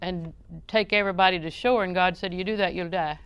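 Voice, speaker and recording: A woman delivers a sermon in a chatty, teasing way, firing questions at her listeners. Her voice is smooth and clear, neither high nor low. The sound is close and dry, with no room echo. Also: fairly even intonation, brisk. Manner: conversational and joking, questions the audience. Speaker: preacher.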